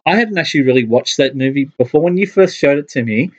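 A man's voice: mid-range voice, expressive, fast talker, dull audio. Enthusiastic man chatting. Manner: enthusiastic storytelling. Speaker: podcast co-host. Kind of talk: casual chat about movies.

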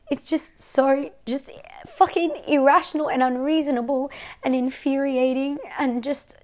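A young Australian woman venting to her viewers in a personal vlog. She swears often, fills her talk with "like," and sounds close to tears. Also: fairly high pitch. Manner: venting, frequent swearing and "like" fillers. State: near tears, voice breaking. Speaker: vlogger.

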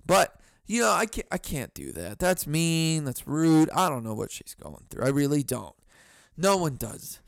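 A man's voice: on the high side, very animated, moderate pace, creaky, hardly any pauses, dry recording, studio quality. A young man hosting a solo comedy podcast, telling rambling stories full of swearing. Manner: profane rambling storytelling. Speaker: podcast host.

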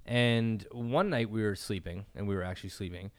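A man's voice: on the low side, normal speed. A young man from Canada hosting a casual podcast, telling rambling stories full of "like" fillers, close to the mic. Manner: rambling storyteller, lots of "like" fillers. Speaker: podcast host.

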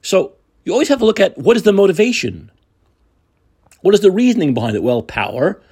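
A man's voice: high voice, very animated, fairly quick, darkish tone, breathy edge. A man hosting a political talk show, delivering a combative, sarcastic monologue with profanity. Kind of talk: opinionated monologue.

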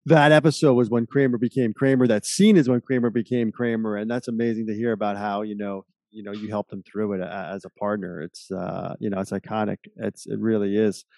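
A man's voice: lowish voice, steady tone, a little fast, vocal fry, few pauses, a little mellow, no room sound. Man hosting, dry close sound. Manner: enthusiastic fan, affirming. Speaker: podcast host. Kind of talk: casual interview chat.

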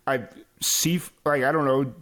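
A man's voice: mid-range voice, steady tone, a little slow, a bit bright. An American man hosting a casual music podcast interview, talking in a loose, searching way. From United States. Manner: hesitant, many fillers and restarts. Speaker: podcast host.

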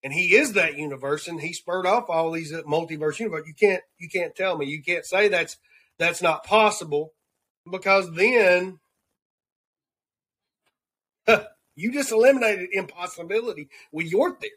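A man's voice: sits high, normal speed, fairly bright tone, husky. A man with a Southern accent giving an earnest, rambling devotional segment as a podcast host, repeating words as he searches for them. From Southern United States. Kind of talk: devotional segment of a talk show.

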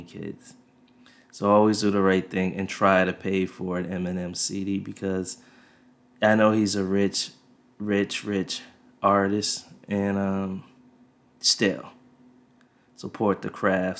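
Very deep-voiced man telling a profane story. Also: level tone, unhurried. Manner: profane, rambling, laid-back storytelling. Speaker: podcast host. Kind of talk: casual storytelling monologue. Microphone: desk USB mic. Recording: faint music underneath.

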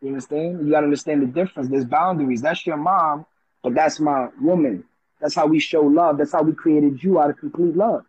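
A man's voice: on the high side, brisk, darkish tone, husky. A man telling stories in casual chat, slangy and profane, on a dull, dry lo-fi recording. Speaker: show participant.

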